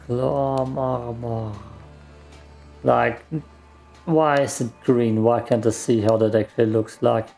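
A man's voice: medium pitch, little pitch movement, slow pace, creaky, long pauses, mellow, soft background music. A man mutters casual gameplay commentary to himself while he plays, with some mild swearing. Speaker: gaming streamer.

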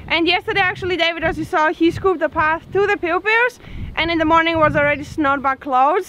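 A woman's voice: very high voice, bright, forceful tone, low-quality recording. A woman in her twenties vlogging outdoors on a snowy farm, chatty and upbeat, raising her voice over strong wind. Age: 20s. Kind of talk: casual vlog talk to camera. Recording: wind noise on camera mic. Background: wind noise.

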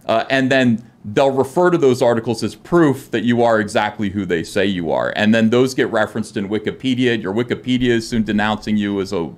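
A middle-aged man with a fairly low voice tells his story as a podcast interview guest. He rambles and fills gaps with "uh," and he plays out the lines of others in his own voice. The sound is a close studio microphone. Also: fairly quick, few pauses. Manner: rambling, frequent "uh" fillers, acts out quoted dialogue. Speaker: guest comic artist.

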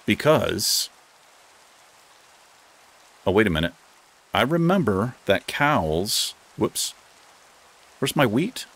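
A man casually narrating his own game as he plays, chatting to the animals and now and then jumping into high, excited bursts. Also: takes it slowly, pauses often. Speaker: gaming host. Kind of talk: casual let's play commentary.

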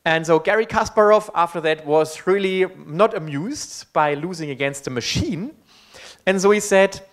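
A German man with a high voice and a German accent delivers a public lecture in English as a guest speaker in a university hall, talking at a moderate pace through an amplified microphone. He's friendly and joking, and his speech is full of ums and uhs.

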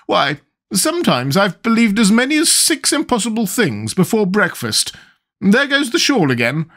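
Fussy old queen voiced by a man, squeaky high quaver, lively swings, storybook reading. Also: normal speed, heavily acted. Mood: brisk. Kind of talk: audiobook character voice.

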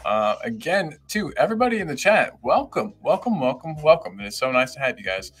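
A man's voice: mid-range voice, very animated, brisk, a bit bright, husky. Upbeat man greeting stream viewers. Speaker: podcast co-host. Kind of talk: live-stream chat, reading comments aloud.

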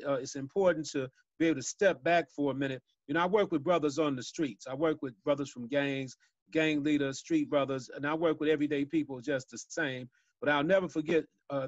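A Chicago man with a fairly high voice tells street stories as a violence prevention guest speaker on a webinar. He's a folksy storyteller who chuckles and laughs at his own tales. The video call audio is dull and dry, with no echo.

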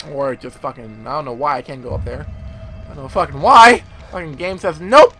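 A young man casually commentating a horror game, excitable and profane, rambling as he plays. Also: on the high side, normal speed, a little hiss or hum. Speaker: gameplay commentator. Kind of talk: casual let's-play commentary.

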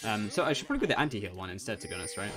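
A young man giving casual, profanity-laced commentary on his own ranked game. He switches between chatting and play-by-play and breaks into excited outbursts. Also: racing. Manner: swears freely, jumps between chat and play-by-play; bursts into excited high outbursts. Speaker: gamer streaming ranked play.

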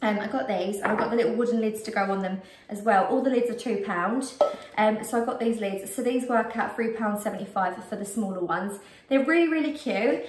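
A woman's voice: medium pitch, a little hiss or hum. A British woman vlogging a casual shopping haul at home, chatty and rambling with frequent ums, a bit out of breath. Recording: roomy echo, distant mic.

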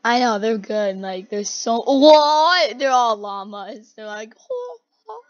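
A young person giggling and gasping while reacting to game clips in a try-not-to-laugh challenge. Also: female voice, mid-range voice, steady tone, measured pace, muffled recording. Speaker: video reactor.

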